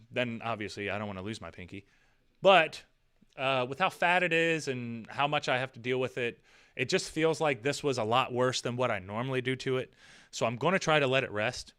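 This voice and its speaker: A man with a bright, forceful voice rambles through casual livestream chat. He repeats himself and swears offhandedly. The sound is dry and close. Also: mid-range voice, clear, resonant tone, no echo. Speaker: livestream host.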